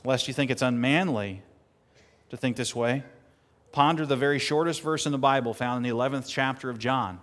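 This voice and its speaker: A man preaching a sermon earnestly, at times building to emphatic, louder peaks. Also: medium pitch, a little fast. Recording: long hall reverb.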